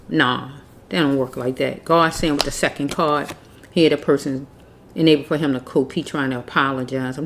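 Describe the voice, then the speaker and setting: A woman's voice: deep voice, noisy background. A woman giving a casual tarot reading, blunt and preachy, repeating herself as she scolds. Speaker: tarot reader.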